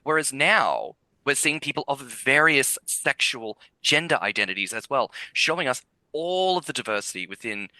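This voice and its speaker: A male podcast co-host with a very bright, forceful voice and a lively, swinging pitch. He talks casually and enthusiastically, swears freely and wanders through long questions. The sound is close and dry. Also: moderate pace, no echo, low-quality recording.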